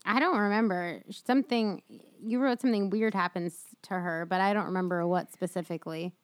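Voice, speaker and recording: Blunt woman with a smooth, dry voice. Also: mid-range voice, fairly quick, no echo. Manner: blunt, frank, swears casually. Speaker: podcast co-host. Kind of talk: casual chat.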